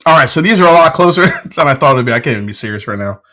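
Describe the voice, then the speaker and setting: A man's voice: mid-range voice, lively intonation, racing, bright, forceful tone. A man hosting a casual live stream from his home whiskey room, laughing often, swearing freely and answering chat. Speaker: whiskey show host.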